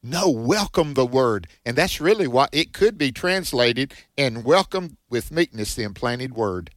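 A man's voice: mid-range voice, expressive, unhurried, no room sound. Man, preacherly, emphatic, conversational Bible teaching, dry sound. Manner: emphatic, preacherly, says amen often. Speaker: co-host.

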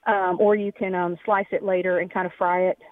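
A woman's voice: lowish voice, little pitch movement, brisk, no room sound. A woman from Tennessee calling in as a homeschool teacher, explaining things hesitantly with many fillers. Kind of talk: phone-in call. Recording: tinny phone line.

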